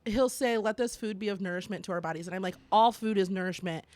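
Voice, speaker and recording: A woman co-hosting a casual podcast, giggling often and acting out quoted lines in a lively way. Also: mid-range voice, fast, dry recording. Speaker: podcast co-host. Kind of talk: casual chat.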